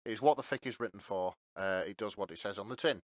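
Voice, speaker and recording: A man co-hosting a casual podcast chat, lively and quick to laugh. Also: on the low side, crowd noise. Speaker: podcast co-host.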